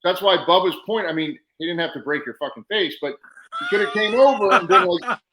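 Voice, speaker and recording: A man's voice: high voice, animated, brisk, a loud crowd. A man hosting a casual wrestling podcast who speaks bluntly, with salty language, while he explains how the moves work. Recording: roomy echo.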